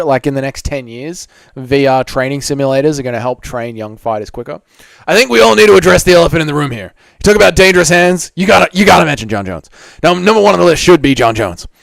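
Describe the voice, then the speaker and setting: A man's voice: fairly high pitch, creaky, no echo. A man hosting a casual live stream, reading viewer comments aloud and bantering back in a loose, joking way.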